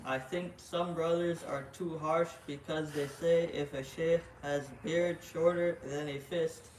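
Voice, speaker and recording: A man reading listener questions aloud in a flat, plain way. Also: fairly high pitch, unhurried. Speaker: reader of submitted questions. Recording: roomy, distant, faint noise.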